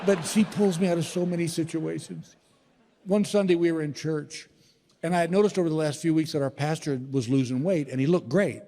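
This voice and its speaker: A man's voice: a little high, a little fast, mellow, in a large hall. A middle-aged man doing a stand-up routine, telling folksy stories and acting out the voices of the people in them. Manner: folksy storytelling, acts out voices in quotes. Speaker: stand-up comedian.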